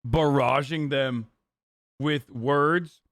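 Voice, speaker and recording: A man's voice: medium pitch, steady tone, drawn-out words, fairly bright tone, dry recording, clean studio sound. A man streaming a reaction, talking casually with profane, incredulous commentary.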